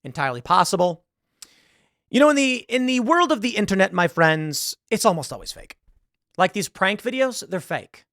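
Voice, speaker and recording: A man's voice: high-pitched, sing-song, normal speed, fairly bright tone, no room sound, studio quality. A man hosting a show, giving rambling, conversational commentary and acting out quotes as he goes. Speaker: show host. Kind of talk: casual political commentary.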